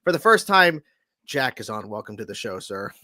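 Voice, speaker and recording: A man hosting a casual livestream chat show over a video call, talking in a lively, animated way and laughing often. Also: mid-range voice, normal speed, no room sound, studio quality. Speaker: host.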